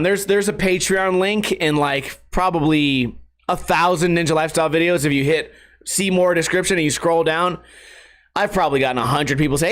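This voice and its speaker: A man's voice: fairly high pitch, animated, moderate pace, a bit bright. A young adult man ranting on a casual podcast, profane and exasperated, putting on mocking voices when he quotes people. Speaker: skateboarding YouTuber.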